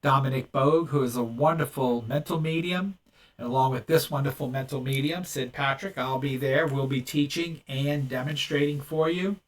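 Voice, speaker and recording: A man's voice: mid-range voice, normal speed, distant mic. A man hosting a podcast in casual chat, rambling with many restarts and fillers. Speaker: podcast host and medium.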